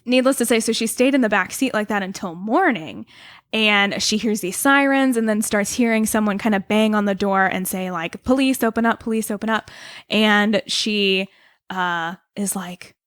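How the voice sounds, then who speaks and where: A woman co-hosting a podcast, telling a story in casual chat with quick asides and a giggly manner. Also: medium pitch, a bit bright, dry recording, studio quality. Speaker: podcast co-host.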